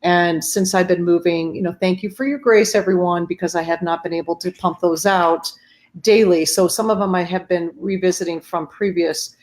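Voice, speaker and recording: A woman's voice: fairly low pitch, steady tone, normal speed. A woman hosting a faith-based support livestream over a video call, chatting casually and greeting viewers by name. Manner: warm greetings to viewers, many fillers. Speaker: host of grief support livestream.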